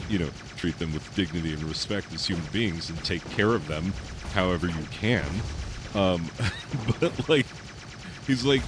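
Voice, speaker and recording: Rambling low-voiced man over gunfire. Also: noisy background. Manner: rambling, filler-heavy, laughs often. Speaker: high school English teacher playing a game on stream. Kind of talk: casual commentary while gaming. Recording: game gunfire and explosions behind the voice.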